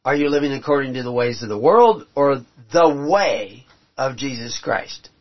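A man preaching a sermon, reading scripture aloud and explaining it in an earnest way that climbs to emphatic peaks. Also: medium pitch. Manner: earnest, rising to emphatic peaks, halting restarts. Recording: dull lo-fi recording.

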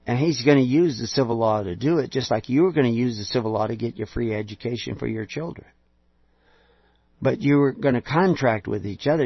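Husky guy preaching, lots of rhetorical questions, sarcastic, dull lo-fi tape. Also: medium pitch, dry recording. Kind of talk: preaching lecture. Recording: dull lo-fi recording.

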